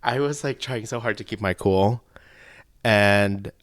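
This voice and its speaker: A man telling a personal story in casual chat, animated and breaking into laughs. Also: fairly low pitch, a little slow. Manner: animated, laughs between lines, rising into excited outbursts. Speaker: podcast guest telling a story.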